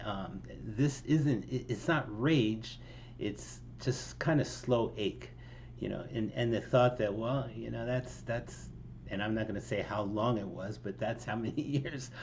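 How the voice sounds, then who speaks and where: A man's voice: medium pitch, darkish tone, a little hiss or hum. A man talking casually through the lines of his own song, with lots of ums and restarts and a self-mocking tone. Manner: rambling and self-deprecating, with many ums and restarts, laughing now and then. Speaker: songwriter explaining his song. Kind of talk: casual line-by-line song breakdown.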